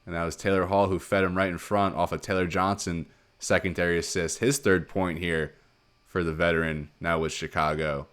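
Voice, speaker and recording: Deep-voiced man calling hockey play-by-play. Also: clean tone. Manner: rapid play-by-play, excited surges on goals. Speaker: gaming commentator. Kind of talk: play-by-play video game commentary.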